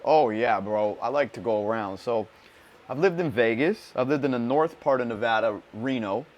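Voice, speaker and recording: A man's voice: mid-range voice, normal speed, dull audio. A man hosting a podcast, chatting casually in a loose, profane, slangy way. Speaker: podcast host. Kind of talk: casual chat.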